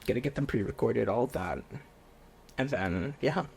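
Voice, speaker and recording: Quiet, monotone young man. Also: medium pitch, moderate pace, gravelly, a little hiss or hum. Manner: quiet and rambling, with restarts. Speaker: video essayist. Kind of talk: unscripted video essay. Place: home room with roommates nearby.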